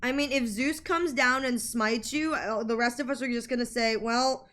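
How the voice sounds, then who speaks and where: A woman's voice: on the high side, moderate pace. A woman streamer chatting casually while she draws, rambling through stories and acting out other people's lines. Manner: chatty and rambling, with frequent fillers and laughter; animated storyteller who acts out other people's lines.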